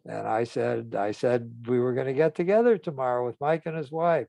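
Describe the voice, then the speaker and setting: A man telling a client's story and acting out each person's side of the dialogue with lively emphasis. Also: mid-range voice, normal speed, creaky, no echo. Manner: animated retelling, voices the people in the story with rising emphasis.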